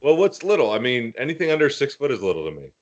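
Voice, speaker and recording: A man's voice: medium pitch, sing-song, quick pace, muffled recording. A man in a casual group podcast chat, blunt and jokey, with some swearing.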